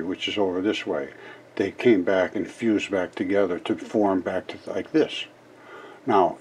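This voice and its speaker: A lowish, husky older man talks casually over footage he is showing. He rambles, stumbles and repeats words while he explains, like a hobbyist walking viewers through his own experiment. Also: a little mellow. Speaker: independent science video maker.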